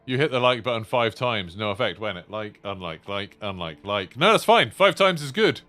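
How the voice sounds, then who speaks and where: A man's voice: fairly low pitch, animated, normal speed, bright, forceful tone. A man in his thirties chatting casually to viewers while streaming, rambling with lots of fillers. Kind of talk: casual live-stream chat.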